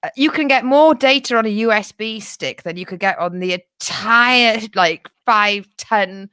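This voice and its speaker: A woman's voice: mid-range voice, a little slow, bright, forceful tone, clean tone, no echo, clean studio sound. A young woman co-hosting a comedy podcast, chatty and joking, swearing and laughing a lot. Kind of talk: casual comedic banter.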